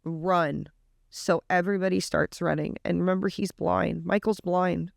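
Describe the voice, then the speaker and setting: A woman retells a story in an earnest, casual way, leaning on the emotional moments. Her voice has a gravelly edge. The sound is dry and close. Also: lowish voice, steady tone, normal speed, no room sound, soft background music. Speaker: reaction vlogger.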